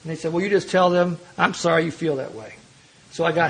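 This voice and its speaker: A man's voice: a little high, fast, creaky, husky, poor audio. An older man from Kentucky, speaking as an AA speaker, telling stories in a folksy, self-mocking way with frequent restarts. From Louisville, Kentucky. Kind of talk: storytelling talk at a recovery meeting.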